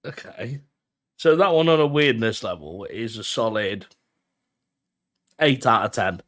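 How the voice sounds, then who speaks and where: A man's voice: fairly low pitch, lively intonation, unhurried, fairly bright tone. A young man, a podcast co-host, chatting casually with jokey, slangy banter. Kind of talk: casual chat.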